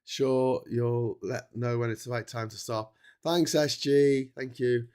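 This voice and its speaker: A man's voice: mid-range voice, steady tone, measured pace, a little mellow, smooth. Rambling, tired man on a livestream. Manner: rambling, self-interrupting, chatty with mock-quoted dialogue. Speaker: livestream host. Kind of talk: casual livestream chat. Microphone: streaming setup mic.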